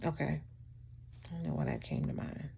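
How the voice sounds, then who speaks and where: Lower-voiced woman giving a lively pep talk. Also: normal speed, gravelly, breathy edge. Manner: preachy, animated, laughs often, talks to listener as "child" and "baby". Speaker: vlogger. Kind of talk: heartfelt motivational talk to camera.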